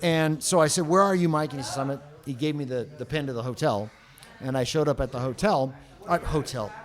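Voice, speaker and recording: A man's voice: mid-range voice, a little fast. A male guest telling a personal story in a rambling way, with many restarts.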